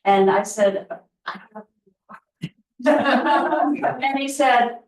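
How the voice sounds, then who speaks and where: A woman's voice: sits high, extremely slow. A middle-aged woman, a real estate agent, telling a rambling story at a team meeting with lots of restarts. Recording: roomy, distant mic.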